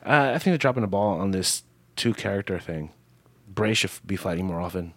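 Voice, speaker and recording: A man's voice: low voice, expressive, brisk, no echo. A man co-hosting a casual wrestling podcast, laid-back, mostly chiming in with short replies. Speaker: podcast co-host. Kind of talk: casual wrestling recap chat.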